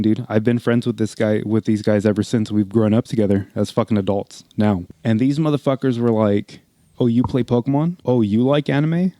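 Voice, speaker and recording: A man's voice: lowish voice, warm tone, no room sound. A man co-hosting a casual group podcast, talking in a loose, rambling way full of swearing and fillers. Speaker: podcast co-host.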